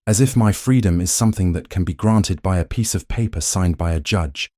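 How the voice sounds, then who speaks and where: A man voicing a young woman who speaks flatly and bitterly, her voice trembling. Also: deep voice, brisk, no room sound, studio quality. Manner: flat, trembling, accusing.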